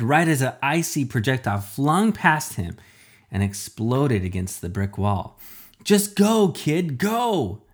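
Man, children's audiobook narrator, lowish voice, very animated. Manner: expressive, dramatic storytelling.

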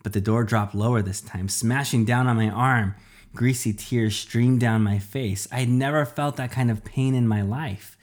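A man reads a children's adventure aloud, animated and dramatic. His voice sits at an ordinary middle pitch. The telling stays expressive. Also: moderate pace. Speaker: narrator. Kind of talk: expressive storybook narration.

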